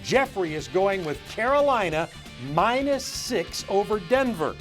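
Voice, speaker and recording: Jokey guy hosting a sports show in the studio, kinda high voice, bit of music under it. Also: big pitch swings, unhurried. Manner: jovial, joking. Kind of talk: casual studio talk.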